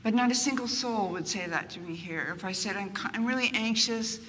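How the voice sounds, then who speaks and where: A medium-pitched, brisk woman, an older guest author, is interviewed before a live audience with slight background noise. She tells candid, self-mocking stories in an animated way, acting out what people said, and the room sounds distant and reverberant with faint ambience.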